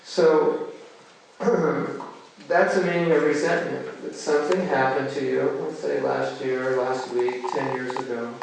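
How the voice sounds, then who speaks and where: An American man gives a relaxed spiritual talk, chatting with the room and tossing questions at the audience. His voice has a gravelly edge. He sounds distant from the mic, with heavy echo around him and faint ambience behind. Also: medium pitch, a little hiss or hum. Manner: chatty, jokes and quizzes the audience. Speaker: seminar teacher. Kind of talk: casual spiritual lecture to a live audience.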